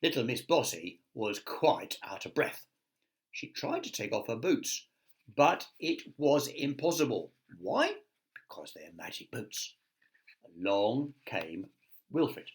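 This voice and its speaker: A man's voice: lowish voice, big pitch swings, a little slow, a bit bright. A man, a teacher, reading a picture book aloud to children with chatty asides to his listeners.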